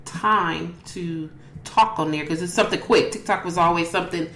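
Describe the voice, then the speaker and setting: A woman co-hosts a podcast in a relaxed, chatty way, her voice sitting a little low. She meanders and restarts as she tells a story. The room around her sounds echoey. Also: moderate pace. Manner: rambling, many fillers and restarts. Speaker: podcast co-host. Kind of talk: casual chat.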